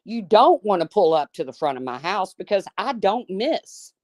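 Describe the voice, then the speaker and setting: In a medium-pitched, slightly mellow, sing-song voice at normal speed, a middle-aged woman hosts a livestream chat. Her talk is blunt and full of swearing as she reads viewer names between folksy tales, and the dry recording has studio quality.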